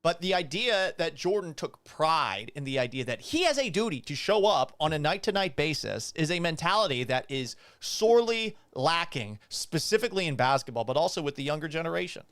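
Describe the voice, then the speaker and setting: A man in his thirties hosts a casual sports show, blunt and profane. His voice sits a little high and swings widely in pitch. It sounds smooth and close, with a dry room. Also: big pitch swings, brisk, few pauses, fairly bright tone, no room sound. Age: 30s.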